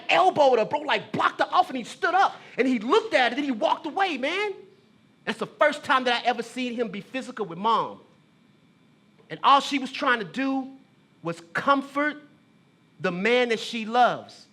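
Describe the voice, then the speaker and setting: A man's voice: extremely high pitch, pushed and bright. A man performing a theatrical monologue, talking casually to his brother with lots of "bro" and "man", confessional and emotional. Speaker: theater artist and poet.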